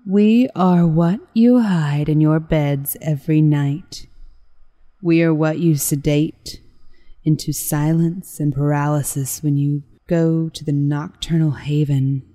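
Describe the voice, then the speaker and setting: A sinister test subject, torn apart and grinning, who speaks as madness itself, voiced by a woman. The voice is slow, low and menacing, a touch deeper than ordinary talk. Each line is pushed out with heavy, deliberate force. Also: steady tone, dark tone.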